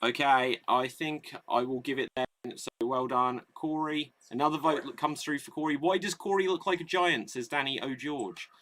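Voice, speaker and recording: A man's voice: mid-range voice, normal speed, hardly any pauses, a bit bright. A man hosting a live online improv comedy show, reading out audience votes and setting up games. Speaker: host.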